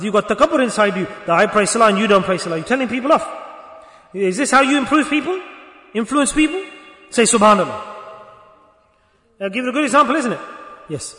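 A man preaching a lesson as a Sufi teacher, lively and acting out little dialogues, sometimes rising to a shout. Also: high voice, a little fast, roomy sound, big-room sound. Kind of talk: sermon.

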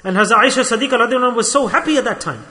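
Male preacher, fervent storyteller, bright edgy voice, reverberant hall. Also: very high voice, very fast. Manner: fervent, storytelling, repetitive exclamations. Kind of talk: sermon.

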